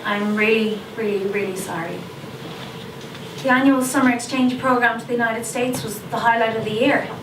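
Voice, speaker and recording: A chatty, confessional Irish teenage schoolgirl, acted by a woman in a stage monologue, her voice pitched high. She slips into gossipy asides with a sheepish yet defiant air. The sound comes from a distant mic in an echoey room over a noisy video call. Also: fairly even intonation, normal speed, lightly acted. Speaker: stage actor performing a monologue. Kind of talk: theatrical monologue.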